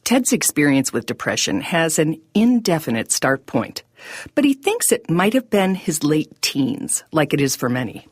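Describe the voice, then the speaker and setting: A woman hosting a podcast, reading scripted narration in a measured, reflective way. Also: sits low, sing-song, breathy edge, no echo, clean studio sound. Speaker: podcast host.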